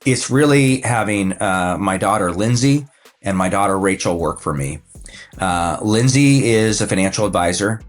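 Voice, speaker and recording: A man in his fifties, a financial advisor and coach, talks about his work as a podcast guest in a relaxed, anecdotal way, with frequent fillers and restarts. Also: lowish voice, normal speed. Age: 50s. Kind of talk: casual conversational storytelling.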